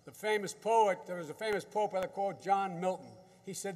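An older American man, a government official, gives a folksy, rambling, off-the-cuff speech to soldiers at a ceremony, full of restarts and repeated words. His voice is high-pitched, fairly quick and a little mellow, with a long reverb tail.

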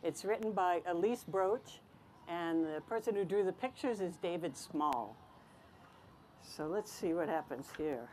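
Animated woman reading a picture book. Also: lowish voice, unhurried, slight background noise. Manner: expressive, animated storytelling. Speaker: parent reading aloud.

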